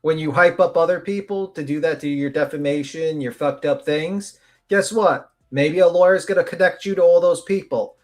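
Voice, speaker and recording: A woman's voice: low-pitched, moderate pace. A woman hosting a livestream, giving brash, sarcastic, profane commentary over a clip. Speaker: livestream host.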